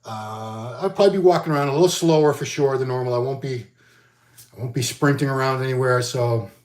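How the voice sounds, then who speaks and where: Man in his fifties, mid-pitched, loose conversational solo chat full of fillers. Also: brisk, a little mellow. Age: 50s. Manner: rambling, conversational, frequent fillers and restarts. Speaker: bodybuilding magazine host. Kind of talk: casual solo vlog chat.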